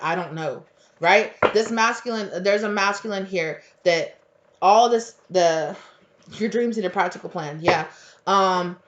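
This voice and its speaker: Brief: woman tarot reader, lowish voice, chatty and rambling, dull lo-fi recording. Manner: rambling, filler-heavy, conversational. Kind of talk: casual spiritual tarot reading. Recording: dull lo-fi audio.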